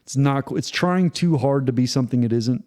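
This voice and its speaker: A man with a mellow, warm tone at a middle pitch hosts a relaxed podcast chat. He talks in an opinionated, enthusiastic way and keeps restarting his sentences. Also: a little fast. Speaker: podcast host.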